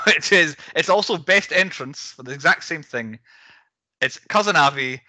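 A man hosting a film podcast in casual chat, animated, laughing often and tripping over restarts. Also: a little high, unhurried, no room sound. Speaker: podcast host. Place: podcast recording.

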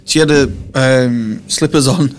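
A man's voice: mid-range voice, measured pace, slight background noise. A man, bantering bluntly and swearing freely in a casual chat as a podcast co-host.

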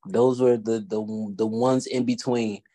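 A man co-hosting a casual wrestling podcast who rambles in an animated way. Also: on the low side, unhurried. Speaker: podcast co-host.

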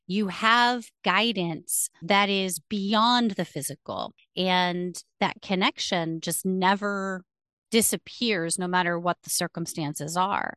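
A woman hosting a podcast, talking in a calm, measured way about spirit and connection. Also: medium pitch, clean tone, no echo, studio quality. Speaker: podcast host. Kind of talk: reflective spiritual conversation.

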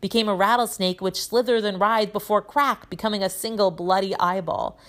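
A woman teacher reading a children's novel aloud, telling it in a lively way with voices for the characters. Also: medium pitch, brisk.

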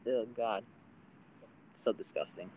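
A man hosting a casual outdoor chat, joking around and laughing loudly. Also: lowish voice, takes it slowly, slight background noise, low-quality recording. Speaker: host.

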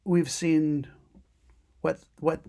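A woman co-hosting a podcast, joking around in relaxed, slangy casual chat. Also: low-pitched, drawn-out words, creaky. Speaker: podcast co-host.

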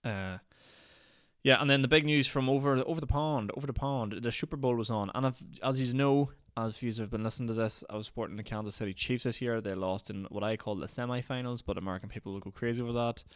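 A man's voice: medium pitch, quick pace, smooth, dry recording, clean studio sound. A Northern Irish man hosting a solo podcast, rambling and ranty, with lots of "like" fillers. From Northern Ireland. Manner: rambling, ranty, heavy use of "like". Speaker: podcast host.

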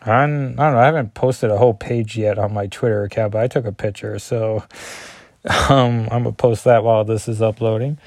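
Speaking fairly quickly in a low, darkish, steady voice, another comic vlogger walks casually through an issue page by page. The studio-quality recording has no echo, and he leans on "like" and jokes at his own expense.

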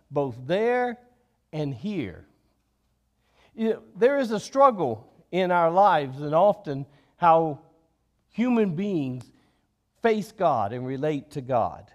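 A man preaching a sermon in an unhurried way, dropping low and soft on key words. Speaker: pastor.

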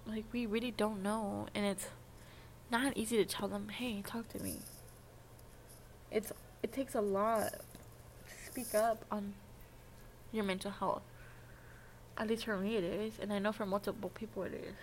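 A woman's voice: medium pitch, fairly even intonation, normal speed, long pauses, a little hiss or hum. A young adult woman talking in a casual, confessional vlog monologue, rambling and hesitant, with many "like" fillers. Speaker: vlogger.

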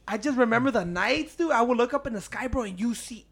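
A man's voice: very high-pitched, quick pace, fairly bright tone. A young man from Chicago in casual chat, loose and profane, calling his friend "dude" and "bro". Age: young adult.

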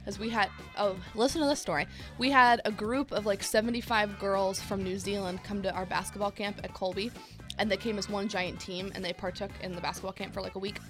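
A young woman with a Midwestern accent chats easily as a radio co-host, breaking into laughter as she goes. Her voice sits at an ordinary middle pitch for a woman. Faint music plays behind her. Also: steady tone, brisk. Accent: Midwestern American. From Indiana, USA. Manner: chatty, laughs often. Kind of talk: casual radio chat.

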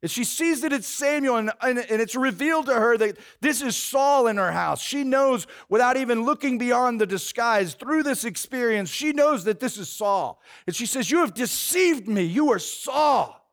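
A male preacher giving a sermon, retelling a story in an animated way with casual fillers. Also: extremely high pitch, moderate pace, hardly any pauses, clear, resonant tone.

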